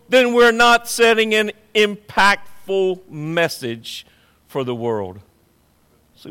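A man's voice: sits high, fairly bright tone, in a large hall. A man preaching a sermon as pastor, emphatic and repetitive, swelling and dropping in intensity.

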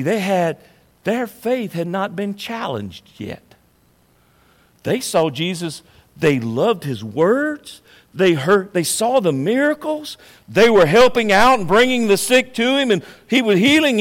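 Guy preaching slow and high, big echoey church hall, goes hushed then loud. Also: very animated. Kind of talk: sermon.

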